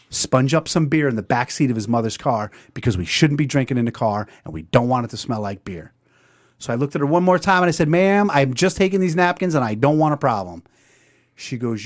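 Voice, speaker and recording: Male podcast host, animated storyteller who does the voices, pitch all over the place. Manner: animated, acts out dialogue. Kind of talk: casual storytelling.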